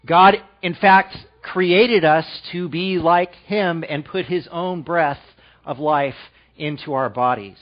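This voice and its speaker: A man's voice: on the high side, slow, highs cut off. A man preaching a sermon, reading scripture aloud, then explaining it with rising emphasis. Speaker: pastor.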